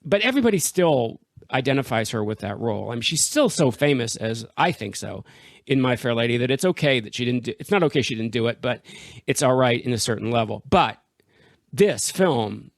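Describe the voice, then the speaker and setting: A man's voice: mid-range voice, lively intonation, fairly quick, creaky. A chatty male podcast host talks about old movies with eager enthusiasm and frequent laughter. The sound is dry and close, with no room echo. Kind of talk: casual film discussion.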